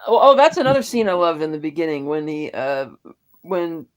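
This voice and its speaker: A man's voice: a little high, very animated. Casual man reviewing a movie. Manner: acts out movie lines in quick voices. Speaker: podcast co-host.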